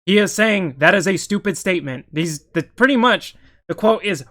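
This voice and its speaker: A man with a strikingly high, fairly bright voice reacts to news pieces with casual political commentary. Animated and heated, he speaks at a moderate pace, voicing strong opinions and repeatedly stopping to restart his sentences.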